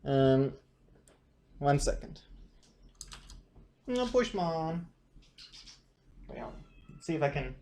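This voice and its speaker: Brief: male streamer, casual chat, slow delivery, rambling and halting, reads chat aloud. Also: a little high, sing-song, darkish tone. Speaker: comic artist streaming live.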